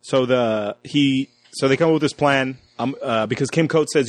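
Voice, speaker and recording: Dude retelling a movie plot on a podcast, rambly, mid-pitch voice. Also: male voice, moderate pace, no echo. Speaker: podcast co-host. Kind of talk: casual chat.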